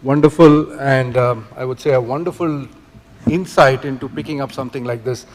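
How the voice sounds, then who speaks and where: A man's voice: medium pitch, fairly even intonation, normal speed. A man moderating a conference session, telling a long anecdote in a chatty way with many fillers. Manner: chatty, fond of fillers like "you know". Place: large conference hall. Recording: long hall reverb.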